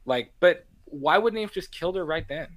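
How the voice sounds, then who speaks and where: A young man in casual podcast chat, recapping a film scene by scene. His pitch rises and falls a lot, and he jumps into bits of quoted dialogue. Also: fairly quick, dry recording. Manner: animated, acts out quotes from scenes. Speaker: podcast co-host. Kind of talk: casual movie discussion.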